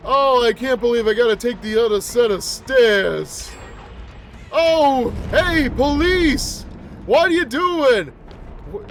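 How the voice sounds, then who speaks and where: Man putting on a creaky-pitched, slow, grumbling old monster who rambles and complains about everything. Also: fairly bright tone, a little hiss or hum, full character voice. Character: cranky rambling old man, a mutated flower-headed monster. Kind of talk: gameplay roleplay commentary.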